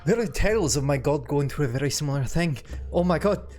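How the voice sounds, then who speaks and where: A player chats through a tabletop game in an amused, halting manner. The voice moves around a lot in pitch, and there is faint music behind. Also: lively intonation, a little mellow. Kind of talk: casual tabletop play.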